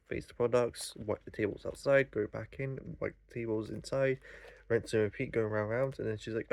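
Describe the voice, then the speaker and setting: A man's voice: lowish voice, steady tone, fairly quick, creaky, a little mellow, no room sound. A young man telling a story in a casual vlog, rambling and swearing, full of fillers. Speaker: vlogger.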